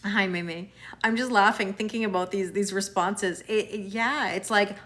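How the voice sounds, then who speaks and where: A woman's voice: medium pitch, fairly even intonation, moderate pace, a bit bright. Chatty Canadian woman reading tarot live. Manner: chatty, reassuring, often restarts words. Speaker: tarot reader. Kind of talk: live-stream chat with viewers.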